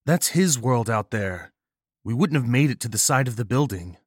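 A man voicing a bold, quick-thinking young woman soldier in a horror story, with a whispery, teasing way of talking. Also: mid-range voice, animated, husky, no room sound, clean studio sound, voice pushed up. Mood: urgent.

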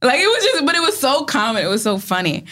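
A young woman, an actor guest in an interview, telling animated stories and acting out quotes. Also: high voice, fast. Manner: animated storytelling, acts out quotes. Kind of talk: casual interview talk.

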